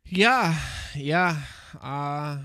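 Rambling young man, slightly high voice. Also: expressive, extremely slow, pushed and bright. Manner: rambling storyteller, many fillers and restarts. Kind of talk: casual chat.

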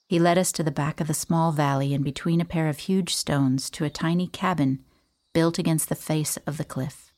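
A woman reading a first-person audiobook in a calm, even storytelling manner. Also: low-pitched, normal speed. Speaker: audiobook narrator.

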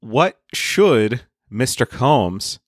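A man co-hosting a podcast in casual comedy chat, deliberate with a dry humor. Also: mid-range voice, big pitch swings, no room sound. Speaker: podcast co-host.

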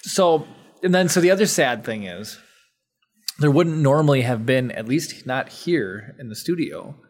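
A man's voice: medium pitch, lively intonation, a little slow. A man co-hosting a casual studio podcast, rambling and restarting, often laughing. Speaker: podcast co-host. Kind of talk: casual chat.

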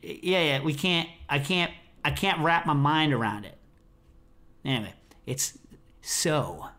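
A man's voice: a little high, animated, moderate pace, sharp tone. A middle-aged American man hosting a podcast, chatting casually in a rambling, self-interrupting way. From United States. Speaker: podcast host.

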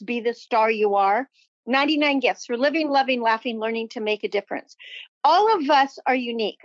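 A woman with a bright, high voice gives an eager, motivational interview from her home library. The sound is close and dry with no room around it. The line is a little muffled and lo-fi. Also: no echo. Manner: effusive and upbeat, motivational. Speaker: podcast guest, motivational speaker. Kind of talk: enthusiastic interview talk. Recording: dull, lo-fi sound.

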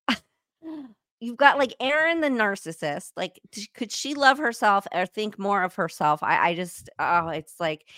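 Bright-voiced woman chatting animatedly. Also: medium pitch, no room sound. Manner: animated, laughs often, breaks off mid-sentence. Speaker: podcast host. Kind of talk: casual chat.

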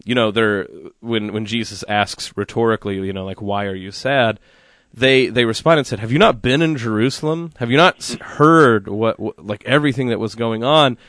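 A man co-hosting a Catholic radio talk show, telling stories with lively asides and many fillers. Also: on the low side, no room sound, studio quality. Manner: animated storytelling with many fillers. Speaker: radio co-host. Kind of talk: casual faith discussion.

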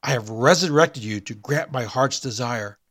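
A man's voice: medium pitch, normal speed, fairly bright tone, dry recording, clean studio sound, close to an everyday voice. A man voicing a greedy, desperate male grave robber who snarls his commands. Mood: commanding.

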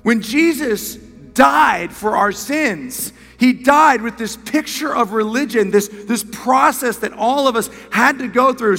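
A bright, high-voiced man preaching with passion in a church sanctuary, swinging between hushed words and loud shouts. Long hall reverb carries his voice, and soft music plays beneath it. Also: unhurried. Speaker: pastor. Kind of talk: sermon.

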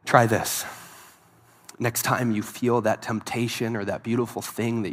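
A man's voice: mid-range voice, little pitch movement, unhurried. A man preaching a sermon, telling a story in an earnest voice that swells and drops for emphasis. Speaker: pastor.

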